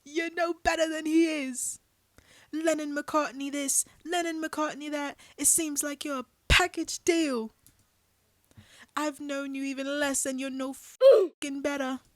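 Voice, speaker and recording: A woman voicing a furious young woman in a put-on British accent, shouting theatrical insults. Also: sits high, steady tone, a little slow, dry recording, pitched above the performer's own voice.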